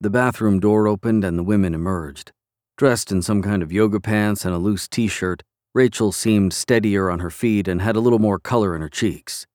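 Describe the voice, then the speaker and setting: Calm male audiobook narrator, lowish voice, dry close read. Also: moderate pace, no echo.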